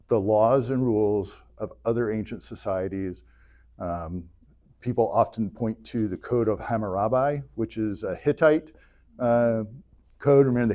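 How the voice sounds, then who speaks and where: A man teaching an adult church class, retelling scripture in a casual, joking way with quick bursts of character voices. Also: mid-range voice, dark tone. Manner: jokey retelling, voices biblical figures in bursts. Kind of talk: casual Bible history lecture.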